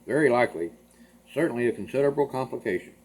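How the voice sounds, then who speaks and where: A man reading a stage play aloud, speaking in an expressive, theatrical way. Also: mid-range voice, very fast, husky. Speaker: play reader.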